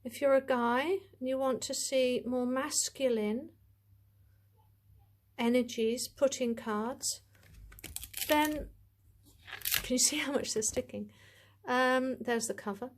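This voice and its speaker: A woman's voice: sits high, fairly even intonation, slow, pauses often, slight background noise. A woman chatting to camera as she reviews a tarot deck, gushing, rambling and full of asides.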